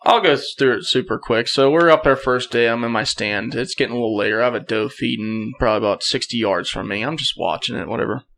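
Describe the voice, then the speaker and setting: A young man, a guest on a podcast, tells a story casually and with energy. His voice sits at an ordinary middle pitch, and he acts out the voices of the people in his story. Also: fast, creaky, few pauses. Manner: animated, acts out quoted voices.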